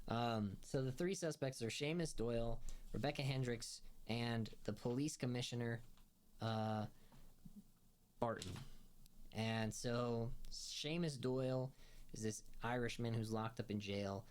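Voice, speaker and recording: Man, mid-pitched, casual review chat, rambling recap, lots of ums and likes. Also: measured pace, a little hiss or hum. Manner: rambling recap full of fillers and restarts; laughs while retelling scenes. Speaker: film review podcast host.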